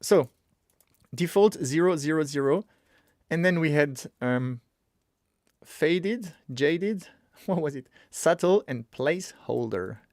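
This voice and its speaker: A man hosting a casual live coding stream, talking excitably and thinking aloud with frequent restarts. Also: on the high side, slow pace, no room sound, studio quality. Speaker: streamer teaching web development.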